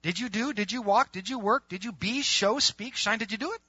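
A man's voice: high-pitched, brisk, husky, no echo. A male pastor preaching a conversational sermon, acting out bits of dialogue. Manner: animated, conversational, acts out dialogue. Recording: muffled, dry lo-fi recording.

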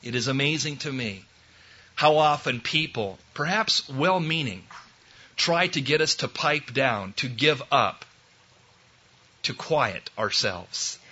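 Emphatic preacher man, husky voice. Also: mid-range voice, animated, slow, bright, forceful tone. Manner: emphatic, repeats key phrases, acts out quoted voices. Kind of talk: sermon. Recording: dull lo-fi recording.

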